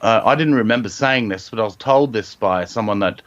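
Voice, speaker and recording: An Australian man telling a personal story as a podcast guest, reflective and halting, with frequent ums and restarts. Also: fairly low pitch, a bit bright, muffled recording.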